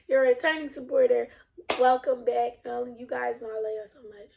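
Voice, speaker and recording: A woman's voice: a little high, fairly even intonation, a little fast, gravelly, background noise. A young adult woman vlogging at home, chatting casually and demonstrating a product, rambling and laughing often. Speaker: beauty vlogger. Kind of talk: casual chat and product demo.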